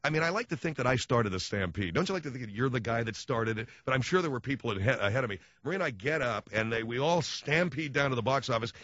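This radio talk host, a man, delivers a fast, animated comic rant full of sarcasm, barely pausing as his pitch swings all over. The voice is fairly bright, but the audio comes across dry and a little dull, with no room sound at all.

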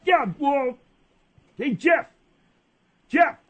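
A man voicing a dim, naive middle-aged male sidekick in a talk radio comedy bit, high and whiny, always befuddled. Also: drawn-out words, fairly bright tone, dull audio, full character voice.

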